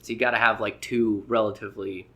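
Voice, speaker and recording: A man's voice: lowish voice, little pitch movement, quick pace, a bit bright. A man in casual podcast chat, an amateur comedian who rambles and acts out voices when retelling jokes.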